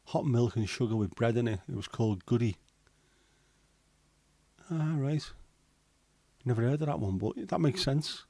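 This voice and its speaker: A middle-aged man, hosting a relaxed livestream and chatting with viewers in a jokey, rambling way. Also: medium pitch, moderate pace, long pauses, no room sound. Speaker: livestream host. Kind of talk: casual chat reading viewer comments.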